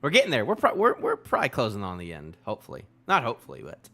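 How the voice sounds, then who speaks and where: A man streaming a live comic reaction in a goofy, animated way, laughing often. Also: mid-range voice, rapid-fire.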